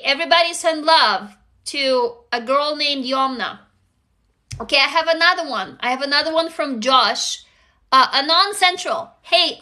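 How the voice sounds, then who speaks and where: A woman hosting a casual livestream, reading viewer stories aloud and reacting in an effusive, excitable way, swearing when impressed. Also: high-pitched.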